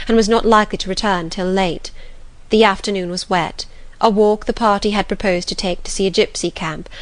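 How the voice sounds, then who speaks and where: A woman narrating a classic novel as an audiobook in a calm, gentle manner. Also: medium pitch.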